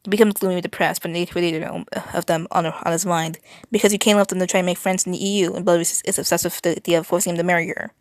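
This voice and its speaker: A woman's voice: on the low side, little pitch movement, rapid-fire, no echo. A young adult woman reading text aloud, often tripping over words and correcting herself, with exasperated asides. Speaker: video creator.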